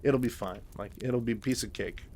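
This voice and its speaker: A man's voice: mid-range voice, steady tone, a little fast, darkish tone, slight background noise, lightly acted. A man voicing a nonchalant male war reporter with offhand, casual phrasing.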